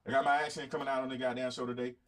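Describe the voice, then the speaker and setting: A man's voice: medium pitch, little pitch movement, racing, a bit bright. A middle-aged man with a Southern US accent, hosting his own show in a blunt, boastful, profane monologue aimed at his audience. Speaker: podcast host. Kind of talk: blunt casual monologue to viewers.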